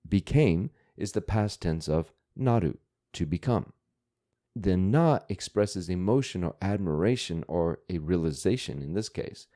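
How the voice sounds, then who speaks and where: A language teacher explains vocabulary to learners at an unhurried pace, working through grammar patiently and methodically. His voice is low and warm, with pitch that moves around a lot.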